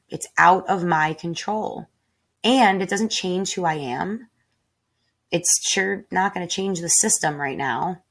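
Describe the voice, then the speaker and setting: A woman in her tiny home, talking straight to her listeners in a raw, heartfelt way, with frequent swearing and spoken reminders to herself. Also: lowish voice. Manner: emotional, swearing, heartfelt, self-talk. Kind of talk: raw personal reflection.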